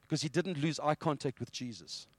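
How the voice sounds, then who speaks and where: Animated preacher. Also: male voice, a little high, brisk, dry recording. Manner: animated storytelling, acting out scenes. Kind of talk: sermon.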